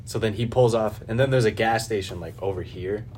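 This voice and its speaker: A man with a lowish voice hosts a casual podcast, rambling through a story with plenty of swearing and filler. A faint hiss of noise sits under his voice. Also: a little fast, darkish tone. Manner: rambling, profane storytelling with laughs. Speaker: podcast host. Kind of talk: casual chat.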